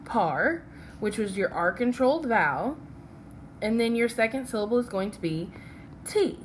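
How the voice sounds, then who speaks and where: A woman's voice: fairly high pitch, expressive, unhurried, slight background noise. A woman teaching a phonics lesson from slides. She is patient and checks in with "okay?" after each step.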